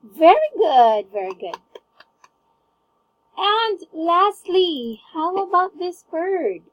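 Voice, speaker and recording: High-pitched lady teaching english, slow and patient, lots of praise, dry close mic. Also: very animated, dry recording, muffled recording. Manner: patient, encouraging, frequent praise. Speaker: English tutor. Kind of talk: one-on-one online English lesson.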